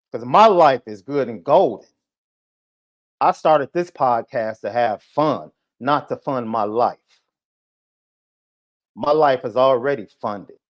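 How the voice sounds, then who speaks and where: A man hosting a podcast, ranting heatedly at a viewer in a combative, taunting, repetitive way. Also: medium pitch. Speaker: podcast host. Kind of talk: heated live podcast rant. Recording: muffled lo-fi stream audio.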